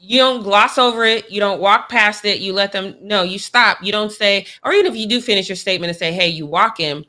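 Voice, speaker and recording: A woman's voice: mid-range voice, a little fast, hardly any pauses, bright, forceful tone. A woman co-hosting a sports talk show, giving her opinions in casual, emphatic chat. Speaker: podcast co-host.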